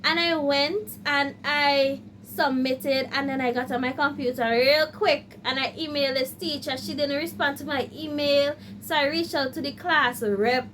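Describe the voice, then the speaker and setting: A woman with a high, bright-pitched voice chats animatedly to her viewers. She tells a story from her studies in a casual vlog manner and slips into acted-out quotes of her own panic. Her talk is direct and personal, with a faint hum of ambience behind her. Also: steady tone, normal speed, hardly any pauses. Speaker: law student vlogger.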